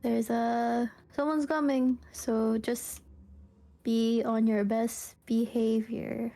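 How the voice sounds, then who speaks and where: Brief: high, dark-toned jailer woman, speaks slowly and flatly; a man puts her on. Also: creaky, full character voice. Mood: hushed warning. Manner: slow, drawn-out warnings.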